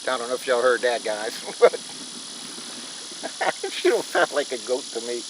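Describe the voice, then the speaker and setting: Brief: man, folksy homestead vlogger, mid-pitched, loud insect noise behind. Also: lively intonation, takes it slowly. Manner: folksy, talks straight to viewers as "y'all" and "guys". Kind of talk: casual chat to camera. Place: outdoors on a rural homestead.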